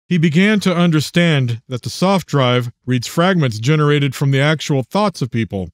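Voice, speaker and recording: A man narrating his own novel as an audiobook, reading in an expressive storytelling manner. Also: mid-range voice, moderate pace, few pauses, no room sound, clean studio sound.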